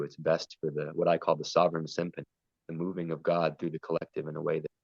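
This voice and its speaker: A man's voice: extremely low pitch, gravelly, breathy edge, no room sound, muffled recording. A man talking earnestly and at length in a spiritual conversation, wandering between ideas and stories. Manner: meandering, earnest, storytelling. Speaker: podcast guest.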